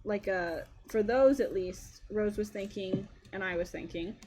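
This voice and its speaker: A woman's voice: medium pitch, measured pace, a little mellow. A young woman co-hosting a game stream, chatting casually and rambling with frequent laughter. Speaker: streamer co-host. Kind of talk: casual chat while playing a game. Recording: noticeable background noise.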